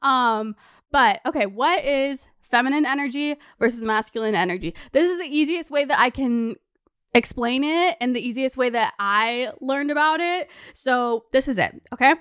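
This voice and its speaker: A young woman in her twenties chatting excitedly to camera as a vlogger, swearing freely. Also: high voice, moderate pace, clean tone, dry recording, clean studio sound. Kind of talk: casual chat to camera.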